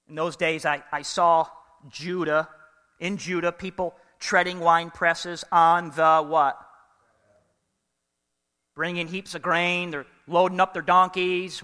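A man preaching a sermon in an animated, humorous way, putting questions to the congregation. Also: high voice, in a large hall. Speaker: pastor.

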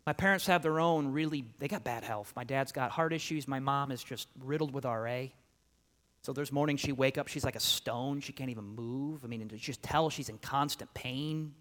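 A middle-aged man preaching a sermon, telling a personal story with animated swings from loud emphasis to quiet asides. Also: mid-range voice, normal speed. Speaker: pastor.

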